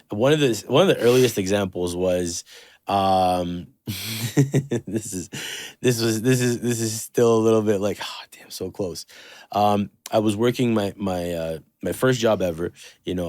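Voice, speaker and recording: A man's voice: on the low side, normal speed, darkish tone, dry recording, clean studio sound. A young man from the Toronto area hosting a podcast, telling stories in a loose, casual way, swearing and using lots of fillers. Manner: loose and profane, with many fillers. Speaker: podcast host. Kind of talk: casual storytelling chat.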